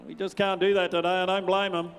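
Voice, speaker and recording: A male auctioneer with a New Zealand accent rattles off bids in a quick, rhythmic chant, breaking off to coax and tease the bidders. His voice sits high and rings out clear and smooth. It carries a long reverb from the large sales hall. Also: little pitch movement, a bit bright. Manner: fast rhythmic bid calling with banter to bidders.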